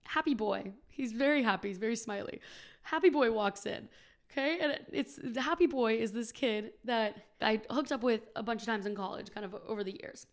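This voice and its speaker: Young woman podcast host, gravelly fry, casual chatty storyteller. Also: mid-range voice. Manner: chatty, frequent "like", animated quoting.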